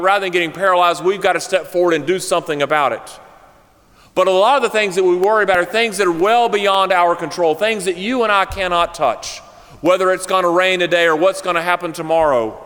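A man's voice: sits high, fairly even intonation, fast, fairly bright tone. Man preaching in an echoing hall. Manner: storytelling with a joke, then earnest exhortation. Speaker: pastor. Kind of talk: sermon. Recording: long hall reverb.

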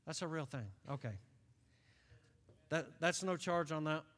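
A man in his late fifties from upstate New York, preaching a sermon in an animated storytelling way. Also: on the high side, a little slow. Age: late 50s. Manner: animated storytelling, acts out quoted voices. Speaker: pastor. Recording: long reverb of a large hall.

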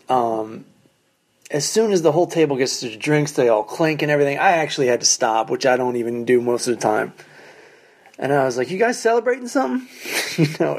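A man who is a stand-up comedian, telling a story as a casual solo monologue in a wry, profane way from a condo basement. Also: mid-range voice. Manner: animated, acts out quoted people in raised voices. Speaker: stand-up comedian, podcast host.

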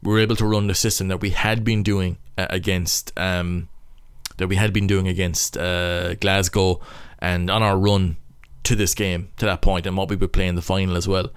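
A man's voice: low-pitched, little pitch movement, moderate pace, smooth, no echo. A young Irish man, a rugby player, casually breaking down match footage, thinking aloud in stop-start phrases.

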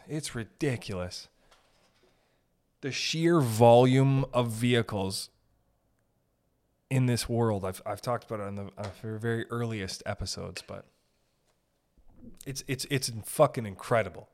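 A young man hosting a podcast, rambling through a profane, animated comedic monologue. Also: mid-range voice, unhurried, pauses often. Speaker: podcast host.

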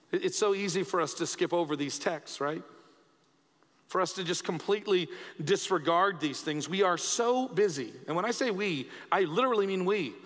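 Male pastor, high voice, conversational sermon delivery with repeated emphasis; long hall reverb. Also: fairly bright tone.

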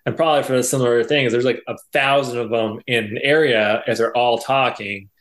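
A man's voice: medium pitch, fairly even intonation, fairly quick, a bit bright. A man in a casual group chat, rambling as he thinks aloud.

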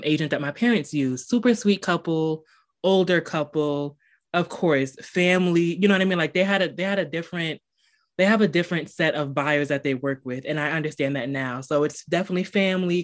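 A woman hosting a podcast, chatty and rambling, with many fillers. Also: sits low. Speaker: podcast host. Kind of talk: casual interview chat.

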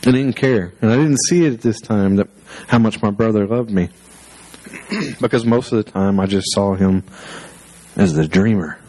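A man's voice: fairly low pitch, darkish tone, rough recording. A male pastor preaching a sermon through personal stories, conversational and self-deprecating, with fillers and restarts.

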